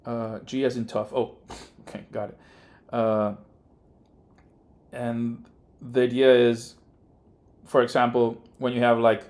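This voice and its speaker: A man's voice: mid-range voice, level tone, slow, pauses often, darkish tone. A man, a native Spanish speaker with a Rioplatense accent, casually chatting and thinking aloud as he streams his game development work. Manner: rambling, thinking aloud with many fillers. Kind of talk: casual live-stream chat while working.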